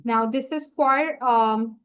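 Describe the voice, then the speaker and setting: Woman trainer, fairly high voice, slow screen-share walkthrough, talks through every click. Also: a bit bright, clean tone, rough recording. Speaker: software trainer. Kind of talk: screen-share software tutorial.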